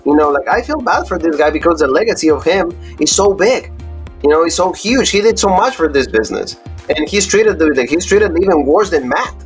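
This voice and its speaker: Rambling man reviewing wrestling, slightly high. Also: lively intonation, fairly quick, slightly rough, faint music behind. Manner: rambling, many fillers like "you know" and "like". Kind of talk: casual podcast chat.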